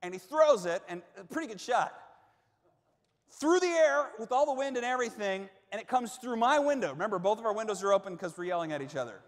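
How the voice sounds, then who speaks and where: High-voiced animated male pastor. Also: quick pace. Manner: animated storyteller, acts out shouts and quotes. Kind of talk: sermon with personal story. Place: church auditorium. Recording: long reverb of a large hall.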